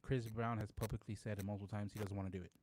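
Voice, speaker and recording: A man co-hosting a casual talk podcast, arguing his side in an animated, interrupting way. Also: lowish voice, racing, a little hiss or hum. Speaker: podcast co-host. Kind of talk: casual debate chat.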